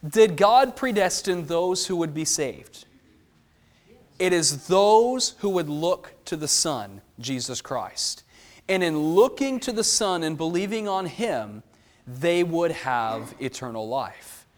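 Male Bible teacher, slightly high voice, animated, quizzes the group. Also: takes it slowly. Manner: animated, asks the group questions.

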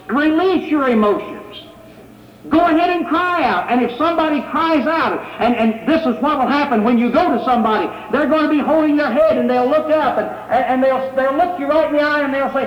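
A man preaches to his congregation in a conversational way, firing rhetorical questions at them. His voice sits very high for a man. The recording is dull and lo-fi, with a roomy church-hall echo. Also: slight background noise. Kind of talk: sermon. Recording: echoey hall, dull lo-fi sound.

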